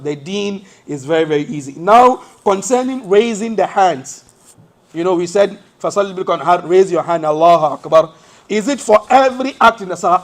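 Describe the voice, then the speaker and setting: A man's voice: high-pitched, brisk. A man from Africa, teaching a study lesson in a mosque. He asks rhetorical questions and answers them himself, explaining step by step. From West Africa. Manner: explains step by step, shows hand positions as he speaks. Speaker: Islamic teacher.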